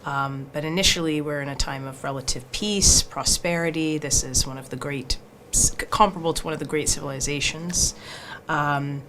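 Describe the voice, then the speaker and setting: A woman speaking as an actress in an interview, describing her role in a measured, thoughtful way with frequent fillers. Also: low voice. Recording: noisy background.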